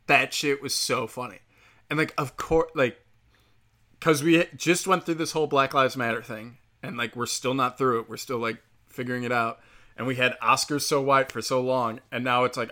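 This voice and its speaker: A man's voice: medium pitch, normal speed, bright, forceful tone. A man delivering a heated, profane opinion rant, rambling with fillers as he talks.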